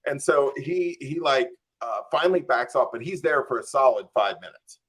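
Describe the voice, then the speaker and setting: A man's voice: mid-range voice, moderate pace, breathy edge. A man guest on a podcast telling a long anecdote, acting out his own thoughts and peppering it with "like.". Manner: animated, acts out his own quoted thoughts; frequent "like" and "I'm just like" fillers.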